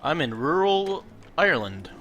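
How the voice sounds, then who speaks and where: A man's voice: fairly high pitch, very animated, measured pace, pushed and bright, dull audio. A man streaming a game, joking and swearing casually as he reads on-screen text aloud. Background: game music.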